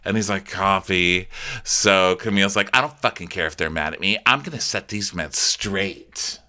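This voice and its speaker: A man's voice: deep voice, moderate pace, pushed and bright. A man co-hosting a comedic recap podcast, laughing often and acting out cast members' lines in put-on voices. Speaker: podcast co-host recapping a reality show.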